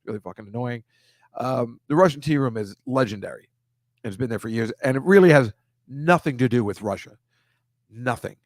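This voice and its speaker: A man's voice: mid-range voice, no room sound, studio quality. Man ranting casually over pictures. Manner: exasperated, ranting with asides. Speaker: comedy show host.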